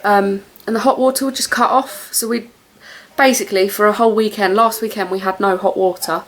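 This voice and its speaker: A woman's voice: mid-range voice, fairly even intonation, brisk. A young woman chatting casually to camera at home, rambling with lots of fillers. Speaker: vlogger.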